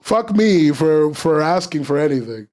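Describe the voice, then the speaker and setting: A man hosting a casual live-streamed podcast, rambling and swearing freely, and quickly getting worked up as he reacts to chat. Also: a little high, expressive, a little mellow.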